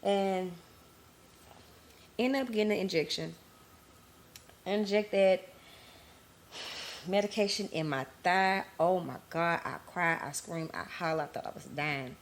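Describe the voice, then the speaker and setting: A woman's voice: lowish voice, unhurried, pauses often. A woman hosting her own podcast, talking candidly and emotionally, speaking straight to her listeners. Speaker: podcast host. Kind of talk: personal podcast monologue.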